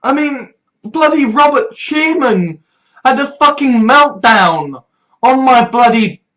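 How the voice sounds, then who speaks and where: A young British adult ranting on a political vlog, swearing freely and sarcastic, with a stuffy nose, sometimes rising to a shout. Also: sits high, expressive, takes it slowly, poor audio. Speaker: political vlogger.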